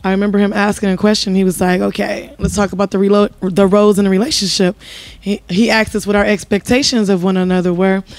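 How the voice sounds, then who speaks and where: A woman guest on a podcast, telling stories in a lively, casual way and acting out what people said. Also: mid-range voice, fast talker, dry recording. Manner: animated storyteller, acts out quotes.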